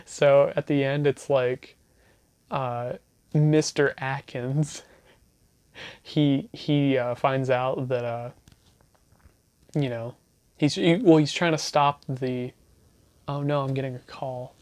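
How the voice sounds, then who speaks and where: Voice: medium pitch, fairly even intonation, slow, pauses often, darkish tone, dry recording. A casual, chatty reviewer rambling and laughing while recommending horror movies to a camera at home. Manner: chatty, laughs often, loses train of thought. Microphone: camera mic, self-filmed.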